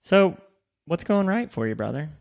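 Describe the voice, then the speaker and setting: A man's voice: fairly high pitch, very animated, moderate pace, creaky, a little mellow. A man co-hosting a podcast in casual chat, joking and swearing freely. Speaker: podcast co-host. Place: in Austin.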